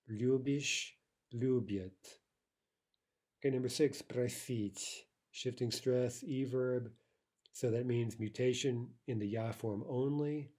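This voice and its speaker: A man teaching a recorded language lesson. He explains step by step, often asks "right?" and says the example words slowly and carefully. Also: mid-range voice, warm tone, breathy edge.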